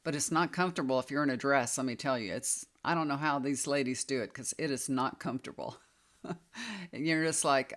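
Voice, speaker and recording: Woman in her fifties, warm storytelling vlog delivery, confiding and casual. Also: rumbling low, brisk. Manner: chatty, confiding, addresses viewers as y'all. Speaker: tarot reader and healer.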